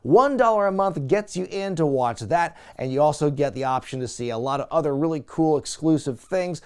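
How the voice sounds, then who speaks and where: A man's voice: fairly high pitch, animated, a little fast, a little mellow, smooth. A man hosting a wrestling recap show, talking in a wry, chatty way and laughing at what he describes. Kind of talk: casual recap commentary.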